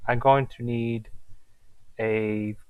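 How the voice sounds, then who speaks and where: Guy pitching ideas in a tabletop game, dry mic. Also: fairly even intonation, extremely slow, clean tone, no echo, narrow, tinny audio. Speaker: player. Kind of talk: casual tabletop game chat.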